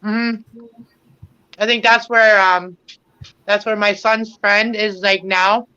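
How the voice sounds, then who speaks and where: A middle-aged woman from Ontario chats on a livestream in a bright, forward voice. She rambles a little and restarts her sentences. Her audio comes through dull and lo-fi. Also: medium pitch, steady tone, takes it slowly, clean tone. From Canada (Ontario). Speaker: viewer joining a livestream. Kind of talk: casual chat. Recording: muffled lo-fi audio.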